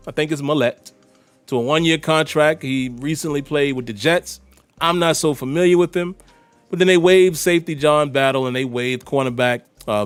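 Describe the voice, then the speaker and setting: With a voice on the high side and no room sound, a solo podcast host talks casually and directly to his audience. He comes across as animated and chatty.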